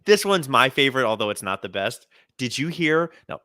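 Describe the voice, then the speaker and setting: A man's voice: mid-range voice, fairly quick, no room sound, clean studio sound. A man co-hosting a comedy podcast, telling news stories in casual chat and acting out the quotes. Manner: animated storyteller, acts out quotes. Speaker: podcast co-host.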